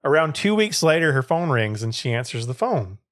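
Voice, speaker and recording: A man's voice: medium pitch, sing-song, a little fast. A man casually telling a story on a podcast, padding his sentences with "like" and "or whatever". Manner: rambling storytelling, full of "like" and "or whatever". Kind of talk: casual chat.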